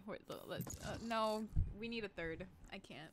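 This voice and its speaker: A woman's voice: medium pitch, expressive, a little slow, fairly bright tone, a little hiss or hum. A woman streaming a game, chatting casually in a playful, giggly, teasing way. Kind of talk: casual gaming stream chat.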